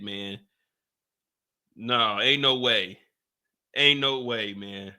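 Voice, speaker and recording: A young adult man on a live stream, his voice bright and cutting, breaking into incredulous laughter over the news. He talks in unhurried, loose slang, and between outbursts he reads updates aloud plainly. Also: on the low side. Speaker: streamer reacting to trial news.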